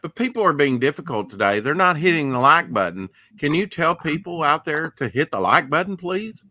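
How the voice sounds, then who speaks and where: A man's voice: on the high side, big pitch swings, a little fast, pushed and bright, no room sound. A man in his fifties hosting a casual live chat, rambling and talkative. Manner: chatty, rambling storyteller. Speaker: livestream host.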